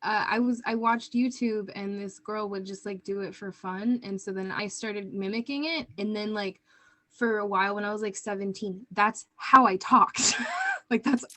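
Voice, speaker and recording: A young woman co-hosting a casual chat show, telling an anecdote in a lively, quick way. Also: medium pitch.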